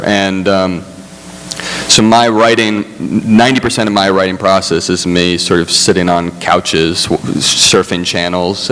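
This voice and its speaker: A man answers on a writers' panel in a halting, self-deprecating way, full of fillers. His voice is very low, heard in a reverberant hall with a faint hum. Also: fairly bright tone. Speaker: screenwriter panelist. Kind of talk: casual panel talk. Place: large hall on stage.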